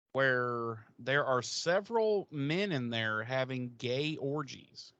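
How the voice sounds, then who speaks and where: A man co-hosting a casual podcast, retelling scenes in an animated way, swearing freely and acting out the characters' lines. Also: medium pitch, dry recording. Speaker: podcast co-host. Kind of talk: casual recap chat.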